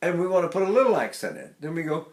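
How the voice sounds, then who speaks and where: Older male singing teacher, rambling lesson voice with sung demos, slightly high, echoey room. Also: sing-song, quick pace. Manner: rambling, chatty, breaks into sung vowel demonstrations. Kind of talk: vocal technique lesson with sung demonstrations.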